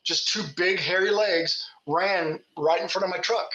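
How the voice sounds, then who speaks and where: A man's voice: high voice, steady tone, measured pace, bright, forceful tone, roomy sound, lo-fi sound. A man from Kentucky, a Bigfoot researcher, telling folksy stories with laughs in casual talk. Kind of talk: casual storytelling.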